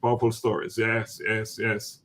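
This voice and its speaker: A man's voice: fairly low pitch, level tone, normal speed, a bit bright. A man hosting a talk show in casual chat, enthusiastic and repeating phrases for emphasis.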